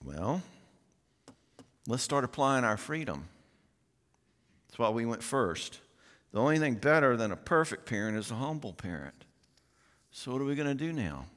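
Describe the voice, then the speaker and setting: A middle-aged man giving a folksy, animated conference talk, often acting out quoted voices. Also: medium pitch, normal speed, long pauses. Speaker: conference speaker. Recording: long reverb of a large hall.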